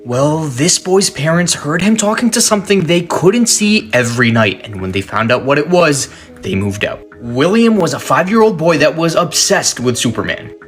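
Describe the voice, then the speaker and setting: A man's voice: fairly high pitch, sing-song, moderate pace, faint music behind. A man giving scripted narration of a creepy story in a teasing, suspense-building way.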